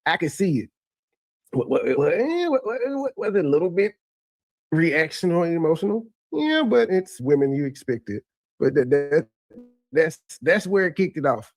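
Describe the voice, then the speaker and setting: A man's voice: on the high side, big pitch swings, moderate pace, dry recording. A man hosting a casual reaction commentary, talking in looping, stammering restarts. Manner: repetitive stammering restarts, conversational. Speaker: commentary host reacting to a replayed clip.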